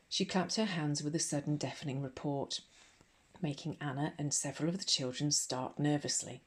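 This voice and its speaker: An English woman with a notably low voice reads a novel aloud in a soothing audiobook style. Her storytelling is gentle and measured throughout. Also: slightly rough. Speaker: audiobook narrator. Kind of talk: ASMR audiobook narration.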